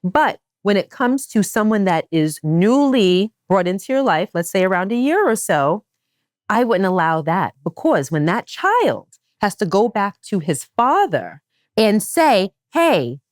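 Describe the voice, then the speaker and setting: A woman hosting a podcast, talking in a casual chat style and making her points with animated emphasis. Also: unhurried, no echo, studio quality. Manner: animated and emphatic, with wide swings in pitch. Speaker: podcast host.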